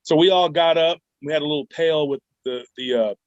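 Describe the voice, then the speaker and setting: Male guest, rambling animated storyteller, mid pitch, dry muffled remote line. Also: fairly quick, no room sound. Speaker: guest cryptid researcher. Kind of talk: storytelling interview. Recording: dull dry remote recording.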